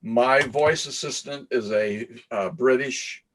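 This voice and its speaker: A man co-hosting a casual video call, relaxed and jokey, laughing often. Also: medium pitch, takes it slowly, slight background noise. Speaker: co-host interviewer. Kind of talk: casual chat.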